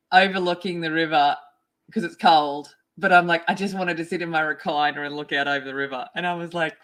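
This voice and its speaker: Chatty woman greeting her chat. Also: on the low side. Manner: chatty, excitable, greets chat viewers by name. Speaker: art livestream host. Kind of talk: casual livestream chat while coloring.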